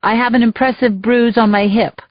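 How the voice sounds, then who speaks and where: A woman's voice: fairly high pitch, steady tone, normal speed, dry recording, dull audio, natural voice. A woman narrator voicing a blunt, snappy female prosecutor. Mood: dazed. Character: sharp-tongued woman prosecutor.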